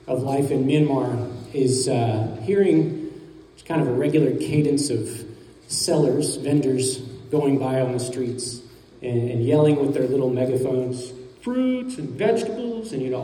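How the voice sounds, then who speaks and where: A man preaching a sermon to his congregation, telling a story in a relaxed, conversational way with some fillers. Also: medium pitch, a little slow. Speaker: pastor. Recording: distant mic in a reverberant hall.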